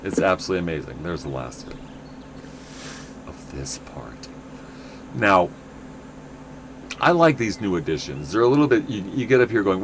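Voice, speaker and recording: A man's voice: low-pitched, very animated, normal speed, slight background noise. A middle-aged man from the United States, chatting in a rambling, casual way while streaming a game. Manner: rambling, chatty, many restarts.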